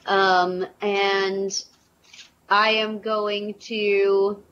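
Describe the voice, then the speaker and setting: Slow, hesitant woman playing a tabletop game. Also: medium pitch, level tone, fairly bright tone. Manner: slow and hesitant, with many "um" pauses. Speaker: player. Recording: dull lo-fi audio with faint noise.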